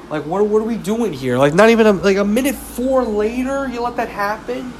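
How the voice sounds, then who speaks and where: Hockey fan, casual recap, passionate, rambling, repetitive heated complaints, middle pitch, faint AC hum. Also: fairly quick. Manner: heated ranting, repeats demands.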